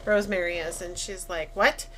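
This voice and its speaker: A woman's voice: fairly low pitch, steady tone, moderate pace, pushed and bright, slight background noise. A woman co-hosting a podcast in casual chat, retelling scenes and acting out the lines. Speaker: podcast co-host.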